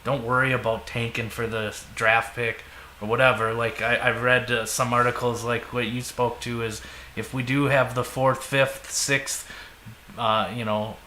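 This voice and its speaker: A man's voice: medium pitch, flat delivery, measured pace, sharp tone. A man with a Minnesotan accent co-hosting a fan podcast, easygoing and agreeable in casual chat. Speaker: podcast co-host. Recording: echoey room with faint noise.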